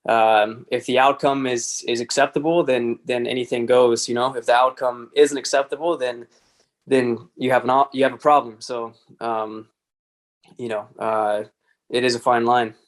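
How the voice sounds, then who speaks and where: A man from Texas, a racer being interviewed, speaking in a hesitant, low-key way full of fillers. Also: fairly even intonation, moderate pace. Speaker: motorcycle racer, guest. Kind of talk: casual podcast interview.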